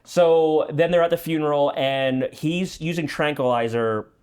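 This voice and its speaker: A man's voice: fairly high pitch, measured pace, darkish tone, clear, resonant tone. A man hosting a casual movie chat, eagerly retelling scenes and laughing often. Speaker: podcast host.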